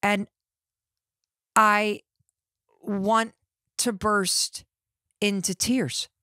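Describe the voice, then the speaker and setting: A middle-aged woman narrates a personal story with dramatic, animated energy, as a podcast host. Her voice sits at an ordinary pitch and sounds close and dry, with no room around it. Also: drawn-out words, no echo.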